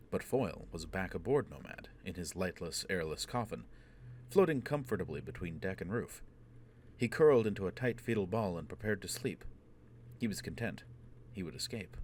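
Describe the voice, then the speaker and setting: A man reading a science fiction novel aloud as audiobook narration, steady and measured. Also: low-pitched, a little hiss or hum. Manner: steady, measured storytelling with voiced dialogue. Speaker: audiobook reader. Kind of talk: scripted narration.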